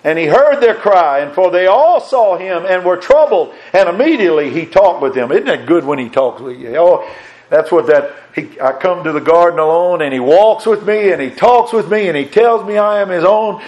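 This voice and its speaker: A man preaching a sermon in a fairly high voice. He is fervent and emphatic, often repeating words as he goes. He swings from raised, urgent lines down to hushed ones. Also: lively intonation, moderate pace, muffled recording.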